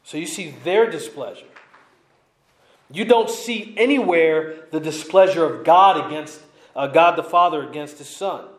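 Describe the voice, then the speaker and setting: A man's voice: a little high, expressive, unhurried. A man preaches a verse-by-verse sermon in a slightly raised voice. He is emphatic and drives his points home by repeating them. The sound is echoey, as in a church sanctuary. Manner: emphatic, repeats key lines. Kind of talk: expository sermon.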